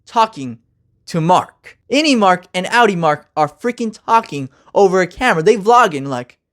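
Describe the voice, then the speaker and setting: A young man casually reviewing a TV finale with energetic, slangy, joking talk. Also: sits high, normal speed. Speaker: TV review host.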